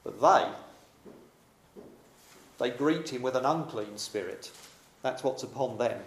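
A man's voice: medium pitch, takes it slowly. A man preaching a sermon in a dramatic, emphatic yet conversational way. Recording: echoey room.

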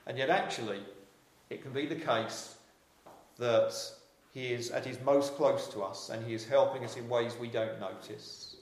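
A man's voice: mid-range voice, steady tone, moderate pace, slight background noise. Earnest man preaching in an echoey hall. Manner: earnest, reflective, repeats phrases for emphasis. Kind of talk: sermon.

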